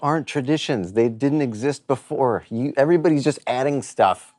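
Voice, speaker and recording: A man playing a tabletop game, talking in a deadpan, dry way. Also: mid-range voice, normal speed, no echo. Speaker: player. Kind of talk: casual tabletop game chat.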